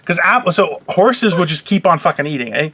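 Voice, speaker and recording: A high-voiced man with a sharp, bright tone co-hosts a casual chat show. He swears freely and flares into exaggerated mock-angry yelling. The sound is close and dry. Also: big pitch swings, brisk, no room sound. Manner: profane, mock-yelling rants. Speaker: co-host. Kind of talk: casual podcast banter.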